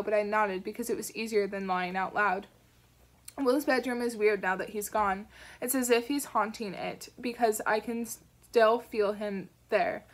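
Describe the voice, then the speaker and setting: A woman reading a first-person audiobook aloud in a soft, measured storytelling manner. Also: medium pitch. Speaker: audiobook reader.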